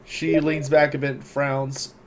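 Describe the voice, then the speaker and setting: Slightly high-voiced man game master. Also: flat delivery, measured pace. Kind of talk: narrating a tabletop game.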